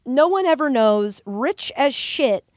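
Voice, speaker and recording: A woman hosting a podcast, talking in a blunt, joking way with a casual swear here and there. Her voice sits fairly high, and the recording is dry and close. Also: expressive, slow, no room sound. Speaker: podcast host.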